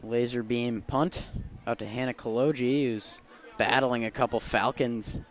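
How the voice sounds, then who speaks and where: A young man giving casual play-by-play commentary on a high school soccer game outdoors, his calls rising with the action. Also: fairly even intonation, measured pace. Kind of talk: amateur sports commentary.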